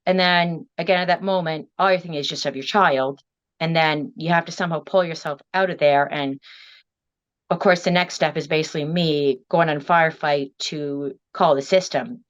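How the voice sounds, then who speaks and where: Woman, deep voice, interview guest, rambling emotional storytelling, muffled lo-fi sound. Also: fairly even intonation, moderate pace. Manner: rambling, circling back with "and again". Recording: dull lo-fi audio.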